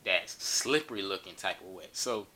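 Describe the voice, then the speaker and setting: A man's voice: deep voice, expressive, normal speed, sharp tone. A man telling a funny story in a casual, joking and profane way.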